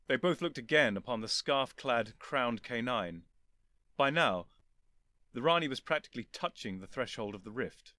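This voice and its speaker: A man reading a story aloud as narrator, in a lively, expressive storytelling manner. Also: mid-range voice, normal speed, dry recording, studio quality. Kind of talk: scripted audiobook narration.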